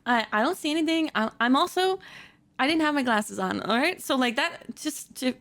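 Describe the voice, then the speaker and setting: High-voiced woman telling a story with animated energy. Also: normal speed. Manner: animated, giggly, acts out the people in her story; many fillers and self-corrections. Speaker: streamer telling stories. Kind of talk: casual storytelling chat. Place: home, at her computer.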